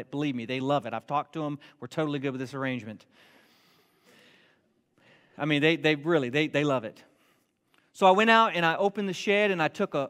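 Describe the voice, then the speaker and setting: A man preaching a sermon, telling a homey story in an animated, self-mocking way and slowing down to stress his points. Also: on the high side, in a large hall. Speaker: pastor.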